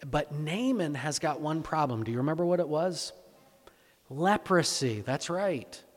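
A man's voice: on the high side, lively intonation, a little slow. A male pastor preaching a conversational sermon, full of rhetorical questions and repeated words. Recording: echoey hall.

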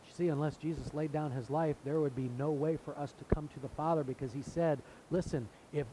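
A man's voice: fairly high pitch, steady tone, brisk, few pauses, mellow, slight background noise, poor audio. A man preaching a sermon in an earnest way, now and then acting out the voices of people in the story. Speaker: pastor.

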